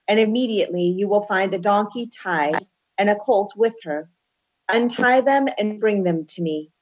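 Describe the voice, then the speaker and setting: A woman reading a scripture passage aloud in a steady, clear way. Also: medium pitch. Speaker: podcast co-host reading scripture. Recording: dull lo-fi sound.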